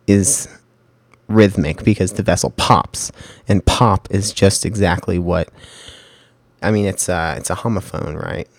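A man giving a casual spoken writing lesson, rambling and correcting himself with lots of fillers, and reading passages aloud slowly. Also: deep voice, vocal fry, dry recording. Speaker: amateur fiction writer.

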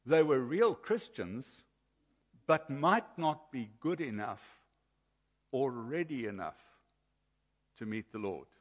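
Slow, lively-voiced preacher in a reverberant hall. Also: male voice, medium pitch. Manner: measured, emphatic preaching with lively swings. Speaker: pastor. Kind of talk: sermon. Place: church. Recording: old sermon recording with long hall reverb.

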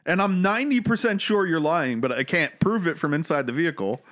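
Lively, higher-voiced male podcast co-host. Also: fairly quick. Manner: lively, indignant storytelling full of swearing. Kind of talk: casual chat.

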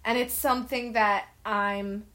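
A woman's voice: a little high, fairly even intonation, measured pace, bright, forceful tone. A young woman talking on a video call from home, earnest and emotional, often laughing at herself. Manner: emotional, earnest, self-deprecating. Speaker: guest, writer and director. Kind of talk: casual video-call chat.

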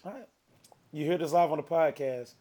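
A man hosting a podcast, steering the talk and telling a story in lively, animated banter. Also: a little high, brisk. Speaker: podcast host.

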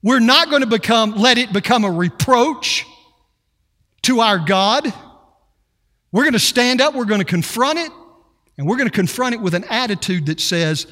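A man preaches to his church with lively, swooping delivery and a bright, forceful tone. He acts out quotes with plenty of attitude. His voice rings out with long reverb in a large hall. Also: very high-pitched. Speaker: pastor. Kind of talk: sermon.

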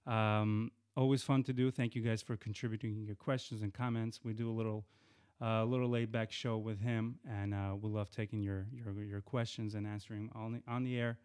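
A man hosting his podcast alone, chatting loosely about the show and giving shout-outs, often restarting his sentences. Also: lowish voice, flat delivery, normal speed, clean tone. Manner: chatty, rambling with frequent restarts. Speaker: podcast host. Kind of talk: casual solo podcast intro.

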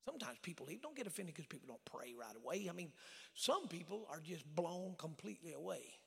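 A male evangelist preaching a lively Pentecostal sermon, sliding from hushed asides to hollered, drawn-out shouts and acting out scenes. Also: on the high side, gravelly. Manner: animated, acts out scenes. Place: church sanctuary. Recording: long church reverb.

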